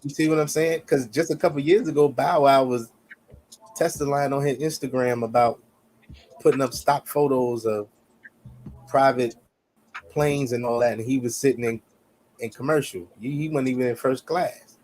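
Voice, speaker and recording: A man's voice: mid-range voice, steady tone, normal speed, long pauses, darkish tone, a little hiss or hum. A man co-hosting a podcast, arguing his side in a heated casual debate and repeating his points with emphasis. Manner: emphatic, repeats "you see what I'm saying". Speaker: podcast co-host.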